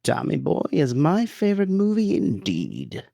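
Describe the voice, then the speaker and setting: A man putting on the voice of a sinister old male galactic emperor, drawn out slow and low. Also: wildly swooping pitch, creaky, dark tone, no room sound, clean studio sound, heavily acted.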